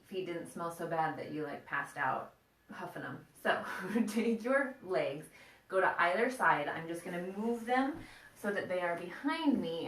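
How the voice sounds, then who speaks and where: A woman's voice: lowish voice, fairly bright tone, slight background noise. A playful woman leads a children's yoga lesson in an encouraging, teacherly voice. Her voice rings in a roomy, echoing space. The mic sits some way from her. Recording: echoey room, mic at a distance.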